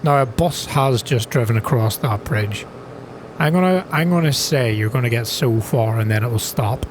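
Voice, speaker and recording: A man talks casually through a farming game at an ordinary, mid-range pitch. He is chatty and self-mocking, and he breaks into sharp gasps when something surprises him. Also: lively intonation, moderate pace, noisy background. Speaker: gaming channel host. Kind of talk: casual gameplay commentary.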